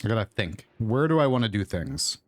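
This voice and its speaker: A gaming streamer speaks a little fast in a fairly low voice that swings widely in pitch. He chats casually and thinks aloud as he plays, rambling with mutters and asides into his own desk microphone.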